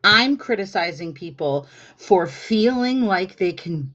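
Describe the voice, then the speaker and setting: A woman hosting a casual political panel, swearing a lot and mocking people with heated sarcasm. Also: lowish voice. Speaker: host. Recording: dull lo-fi stream audio.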